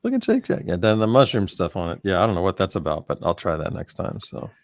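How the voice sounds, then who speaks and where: A man co-hosting a casual podcast chat, relaxed and rambling, often restarting his sentences. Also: low voice, fast, no room sound. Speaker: podcast co-host.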